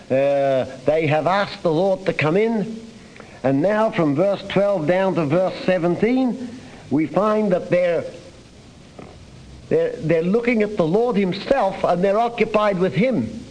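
A man preaches a psalm in an earnest, emphatic way, his voice rising and dropping as he stresses words. His voice sits a touch high for a man. It sounds like an old radio broadcast. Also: takes it slowly, darkish tone, rough recording. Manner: earnest, rising and falling emphasis, reads scripture aloud. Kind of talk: sermon on a psalm.

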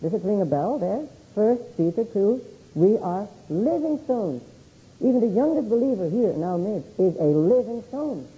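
A man's voice: high-pitched, normal speed, husky. A man giving a verse-by-verse Bible study to a congregation, teaching steadily and sometimes correcting himself mid-word. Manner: steady teaching with frequent short self-corrections. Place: meeting room with a congregation. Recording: dull lo-fi recording.

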